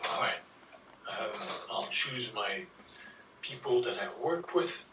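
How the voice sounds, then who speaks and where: A man's voice: mid-range voice, lively intonation, takes it slowly, long pauses, bright, forceful tone, slight background noise. Bumbling man muttering far from the mic. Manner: bumbling, self-narrating, muttering asides. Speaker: improv performer. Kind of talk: improvised spy parody monologue. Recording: distant roomy mic with faint ambience.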